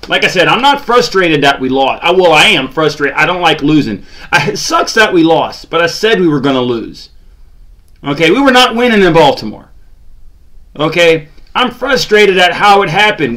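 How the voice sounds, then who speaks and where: Exasperated ranting man, slightly high voice. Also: fairly bright tone. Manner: exasperated, groaning, sarcastic. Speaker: sports channel host. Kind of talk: ranting fan commentary.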